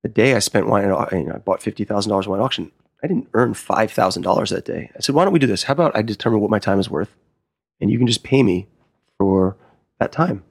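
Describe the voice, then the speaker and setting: Gravelly low-voiced man telling stories. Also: fast, dry recording, studio quality. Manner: animated, acts out quoted dialogue. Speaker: sommelier and wine consultant. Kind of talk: casual interview storytelling.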